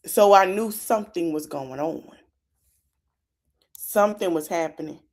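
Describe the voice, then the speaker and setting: A woman's voice: lowish voice, darkish tone. A woman hosting a podcast, giving a casual, chatty recap of a reality show and talking straight to her listeners. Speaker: podcast host.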